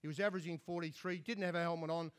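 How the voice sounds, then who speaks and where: Australian man, high voice, dry self-mocking after-dinner yarns. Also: fairly even intonation, rapid-fire. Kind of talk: comic after-dinner storytelling.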